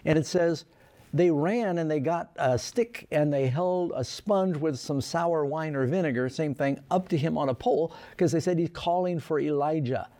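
A man's voice: fairly high pitch, normal speed, warm tone. A man preaching a sermon, reading scripture aloud and stressing key lines with earnest emphasis.

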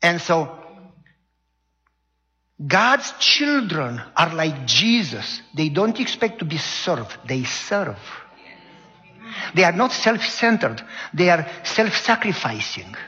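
A man's voice: a little high, very animated, takes it slowly, long pauses, bright, forceful tone. A middle-aged male pastor preaching emphatically, asking the congregation rhetorical questions. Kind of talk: sermon. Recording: muffled hall reverb.

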